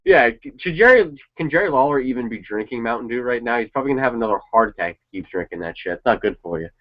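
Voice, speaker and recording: A man's voice: mid-range voice, very animated, racing, noisy background. A man chatting casually and swearing now and then as he reacts to a wrestling show. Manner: rambling, opinionated, swears casually. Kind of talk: casual chat. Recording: dull lo-fi sound.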